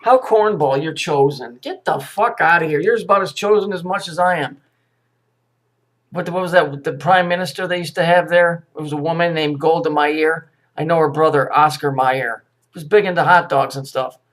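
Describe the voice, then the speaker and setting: A man's voice: a little high, normal speed, a bit bright. A man giving a profane, sarcastic running commentary as he reacts to news clips, mocking and cursing as he goes.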